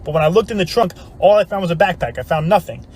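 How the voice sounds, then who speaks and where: A man telling long comedic jokes, building quickly to each punchline. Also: high-pitched, lively intonation, a little mellow, a little hiss or hum. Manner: fast, punchline-driven delivery. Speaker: storyteller.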